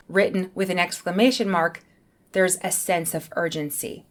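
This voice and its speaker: A woman teaching a beginner English lesson, speaking in a clear, careful way. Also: lowish voice, fairly even intonation, normal speed.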